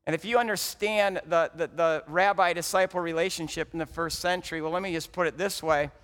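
A man with a high voice preaches in a church sanctuary. He tells the story dramatically, rising loud and dropping to a hush. His voice trails off in a long hall reverb. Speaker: pastor. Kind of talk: sermon.

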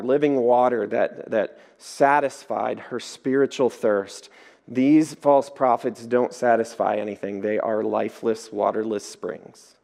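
A man preaching a sermon, telling stories in a lively way and acting out the voices in them. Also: mid-range voice, creaky. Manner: lively storytelling, acts out voices. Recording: echoey hall.

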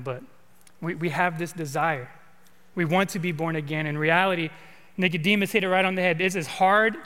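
A man's voice: high voice, pushed and bright, in a large hall. A man from California preaching a sermon in a casual, conversational way, repeating words and asking the congregation questions. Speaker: pastor.

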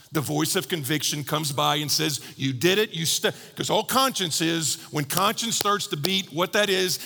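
A man preaching a sermon, telling a story with lively quoted voices and shifting from bold to hushed. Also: fairly high pitch, vocal fry, long reverb tail. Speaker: pastor.

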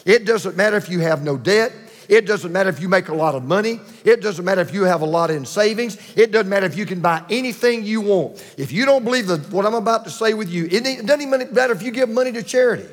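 Emphatic high-voiced male preacher. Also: animated, in a large hall. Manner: emphatic, repetitive preaching with dramatic pauses. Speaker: pastor. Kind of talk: sermon.

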